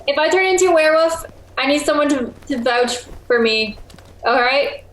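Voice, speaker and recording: A woman's voice: high-pitched, animated, normal speed. A young woman playing a tabletop game, eager and chatty, swearing casually. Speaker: player. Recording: echoey room, faint noise.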